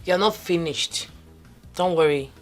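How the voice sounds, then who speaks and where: A woman's voice: fairly low pitch, a little slow, lightly acted. An actress playing a playful, confident young woman who coaxes and teases. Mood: coaxing. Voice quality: coaxing, teasing. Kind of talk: film comedy acting. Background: film score music.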